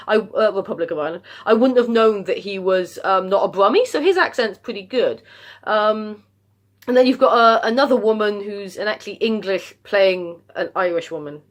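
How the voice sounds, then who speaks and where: A woman talks casually to camera about shows she has been watching. She rambles, trails off and restarts her sentences, filling the gaps with ums. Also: medium pitch. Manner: rambling, many fillers and restarts. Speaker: vlogger.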